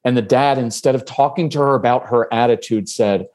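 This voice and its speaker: Calm man giving parenting advice. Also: mid-range voice, fairly quick, few pauses. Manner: calm, steady, gives examples with acted quotes. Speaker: parenting expert guest. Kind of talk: casual podcast interview.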